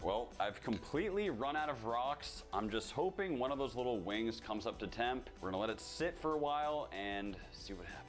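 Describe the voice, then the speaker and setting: A man's voice: medium pitch, lively intonation, normal speed, hardly any pauses, music in the background. A man hosting and narrating a cooking video with a wry, understated delivery.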